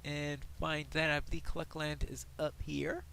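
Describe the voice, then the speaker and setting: A man's voice: a little high, little pitch movement, unhurried, gravelly, sharp tone, a little hiss or hum. A man giving casual gameplay commentary, chatting and explaining the game mechanics as he plays.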